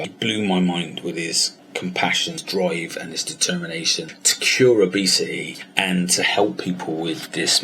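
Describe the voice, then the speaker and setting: A man's voice: low-pitched, slight background noise. A man from Somerset, telling a personal story in a candid, sweary way and acting out both sides of conversations. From Somerset, England. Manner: candid, sweary, acts out dialogue with animated voices. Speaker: weight-loss coach.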